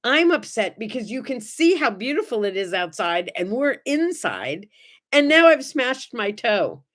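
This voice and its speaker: Chatty woman hosting a morning livestream. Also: a little slow. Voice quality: animated storyteller, acts out the people in her stories. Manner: bursts into high squeals when greeting viewers. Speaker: host of a morning livestream show. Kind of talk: casual chat to live viewers.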